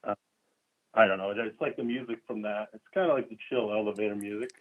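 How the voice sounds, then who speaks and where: A man calling in to a radio show, chatting in a goofy, jokey way with bursts of loud laughter. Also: on the low side, steady tone, quick pace, crowd noise. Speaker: caller. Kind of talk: casual call-in chat. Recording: tinny phone line.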